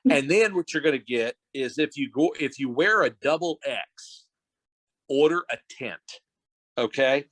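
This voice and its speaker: A middle-aged man, a voice actor, talking on a video call in a rambling, animated, joking way. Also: medium pitch, measured pace, low-quality recording. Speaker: voice actor guest. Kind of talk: casual panel chat.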